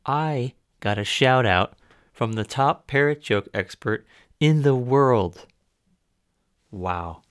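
Podcast host guy, smooth resonant voice, doing thank-yous and intros. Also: medium pitch, expressive, slow, long pauses, no echo. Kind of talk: podcast narration.

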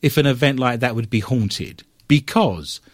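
A man's voice: medium pitch, a little slow, no room sound, clean studio sound. An English man with an English accent hosting a show in a chatty, wry way. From England. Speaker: podcast host. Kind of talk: casual chat.

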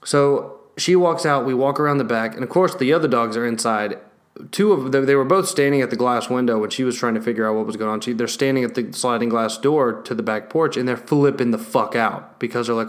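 Young guy telling a story on his vlog, swears a ton, gets animated. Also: mid-range voice, a little fast. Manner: animated, swears heavily, laughs between lines. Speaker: vlogger. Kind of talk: casual storytelling.

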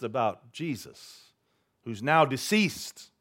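A man preaching a sermon, swinging between loud declarations and hushed asides. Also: a little high, sing-song, slow pace. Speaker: pastor.

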